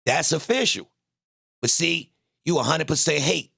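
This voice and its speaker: A young man with a Baltimore accent and a very gravelly, fry-heavy voice talks to his stream chat. He trash-talks and brags. The sound is close and dry, with no room around it. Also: a little high, animated, unhurried, pushed and bright, no echo. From Baltimore, Maryland. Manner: boastful, trash-talking with the chat. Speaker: livestream host. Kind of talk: casual livestream chat.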